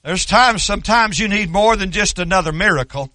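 An older man from Oklahoma preaching a sermon, wandering into folksy asides and building to loud shouted stretches. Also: high-pitched, fairly quick, no echo.

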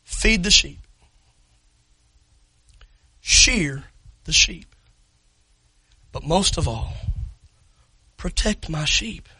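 A man preaching a sermon, impassioned, shouting and near tears at the peaks. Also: a little high, expressive, very slow, long pauses, slightly rough, no echo, poor audio. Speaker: pastor.

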